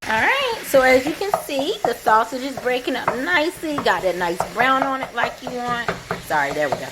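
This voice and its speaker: A woman's voice: high-pitched, sing-song, normal speed, noisy background. Chatty woman showing how she cooks. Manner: chatty step-by-step explaining. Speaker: home cook vlogger. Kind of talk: cooking demonstration.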